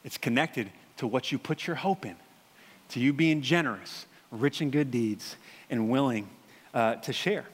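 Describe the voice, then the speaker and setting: A man in his thirties preaching a sermon in a conversational, animated storytelling way, with frequent fillers. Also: medium pitch, a little slow, husky, long reverb tail. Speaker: pastor.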